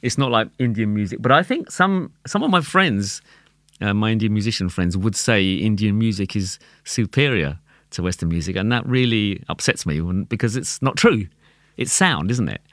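Speaking with a lowish voice, a tabla player from London chats as a guest in a relaxed conversation. He's lively and laughs easily, often repeating words as he works through his thoughts, and the recording is dry and studio quality.

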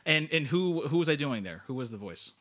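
A man's voice: fairly high pitch, animated, fairly quick, fairly bright tone. A man co-hosting a podcast, chatting casually with a playful, teasing and theatrical manner. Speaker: podcast co-host.

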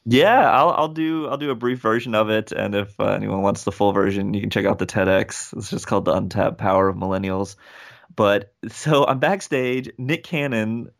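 A man's voice: fairly low pitch, moderate pace, vocal fry. A young man, a rapper, telling a story in a casual interview and acting out the people in it. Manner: animated, acts out quoted voices. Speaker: guest, rapper and speaker.

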